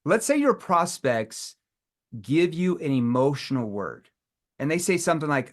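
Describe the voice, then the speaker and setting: A man leads a sales training, his voice a touch high for a man. He talks loosely with lots of fillers and keeps slipping into playful little quotes to show his technique. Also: a little slow. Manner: animated, acts out playful quotes. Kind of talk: live sales training talk.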